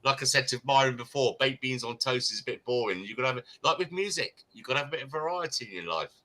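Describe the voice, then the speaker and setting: A man from the United Kingdom chats casually with a very bright, forceful tone. He rambles and restarts his sentences often, in the easy manner of a relaxed group conversation. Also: mid-range voice, fast. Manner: chatty, rambling with many restarts. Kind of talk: casual chat.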